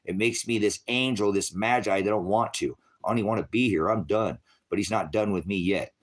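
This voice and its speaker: A man's voice: fairly low pitch, fairly quick. A middle-aged man preaching an unscripted sermon in a confrontational, scolding way, with profanity.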